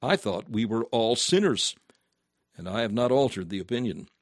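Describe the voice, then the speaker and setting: A man reading a sermon aloud in an earnest, measured, emphatic way. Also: medium pitch, animated, no room sound, studio quality. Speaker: preacher.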